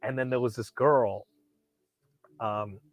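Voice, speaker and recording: A man's voice: mid-range voice, fairly even intonation, takes it slowly, dry recording. A man vlogging about knives, telling a rambling, profane story with lots of restarts and bursts of animation. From Hollywood, California. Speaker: knife collector vlogger. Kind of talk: casual storytelling.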